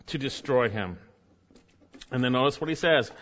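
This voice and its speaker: A man preaching a sermon, emphatic, his voice climbing high when he reads quoted lines. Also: expressive, unhurried, long pauses, fairly bright tone, long reverb tail, lo-fi sound. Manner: emphatic, rises sharply when reading quotes. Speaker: pastor.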